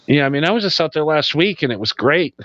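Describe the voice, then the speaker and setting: A man's voice: a little high, expressive, quick pace, fairly bright tone, no echo. A man co-hosting a casual podcast, rambling in a laid-back, loose and profane way. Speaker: podcast co-host. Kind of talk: casual stoner podcast chat. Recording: slightly dull lo-fi sound.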